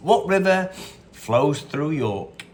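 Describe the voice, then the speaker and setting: Slow and expressive, this man's fairly high voice hosts a casual pub-style quiz recorded on a phone. He chats freely, says each question twice, and strays into short anecdotes.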